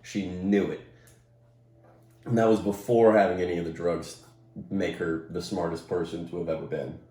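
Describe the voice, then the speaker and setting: A man with a very low voice answers questions in an easygoing, chatty manner. His tone is mellow and warm, and the recording has the roomy echo of a bare room. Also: a little fast, recorded from a distance. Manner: relaxed, conversational, with fillers. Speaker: interviewee. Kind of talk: casual conversation.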